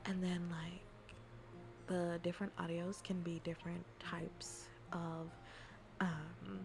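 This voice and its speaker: A woman streamer chatting casually and playfully with her viewers, often dropping into a soft whisper. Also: fairly low pitch, flat delivery, slow pace, vocal fry, music in the background.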